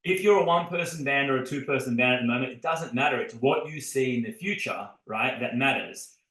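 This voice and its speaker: Bright-voiced male podcast co-host, roomy sound. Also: medium pitch, fairly quick. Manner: energetic storytelling, addresses listeners directly. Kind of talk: casual podcast chat. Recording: roomy echo.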